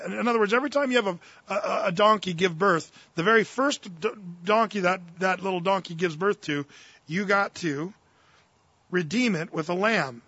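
A man preaching with a high, bright voice, earnest and folksy, full of casual asides. The sound is dry and a little muffled. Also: normal speed, husky, dry recording. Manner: folksy and earnest, with fillers and slang. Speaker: pastor. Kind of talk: verse-by-verse sermon.

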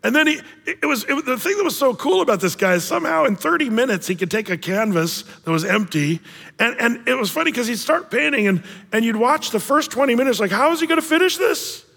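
A man preaching a sermon as pastor, animated and jokey, acting out little voices as he tells stories. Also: extremely high pitch, quick pace, vocal fry, big-room sound.

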